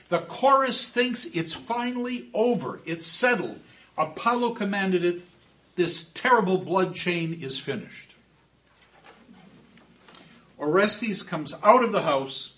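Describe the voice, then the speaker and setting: Male lecturer, high bright voice, emphatic, heard from afar on a dull recording. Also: slow pace, pauses often, recorded from a distance. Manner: expressive, with emphatic repetitions. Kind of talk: classroom lecture.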